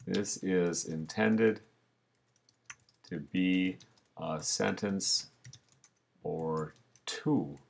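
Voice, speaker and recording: A low-voiced man teaches over a screen recording, narrating each click as he goes. He talks slowly and casually, the way a teacher explains a task to his class. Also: gravelly. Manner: relaxed, talks through each step as he clicks.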